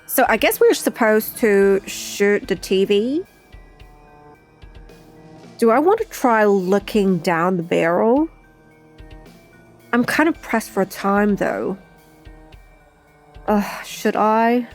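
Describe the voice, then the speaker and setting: A woman giving casual let's-play commentary, thinking aloud in an unhurried, chatty way. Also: mid-range voice, animated, soft background music. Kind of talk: casual game playthrough commentary.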